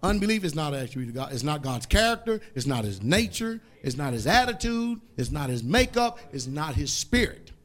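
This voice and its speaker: Fervent high-voiced male preacher. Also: sing-song, brisk, few pauses. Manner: fervent preaching, bursts into shouts. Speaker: pastor. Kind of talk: sermon.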